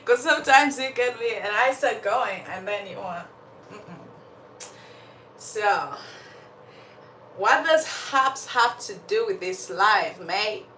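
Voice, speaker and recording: With a mid-range, pushed and bright voice and lively intonation, this young Ugandan livestream host takes it slowly and leaves long pauses while chatting casually with viewers. She laughs often and has a slight cough, being a little unwell. The roomy, off-mic recording carries faint background noise.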